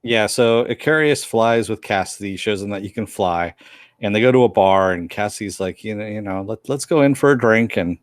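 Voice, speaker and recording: A man's voice: fairly low pitch, brisk, dry recording, clean studio sound. A man co-hosting a casual review chat, retelling scenes and briefly acting out the characters' lines. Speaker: podcast co-host reviewing a TV episode.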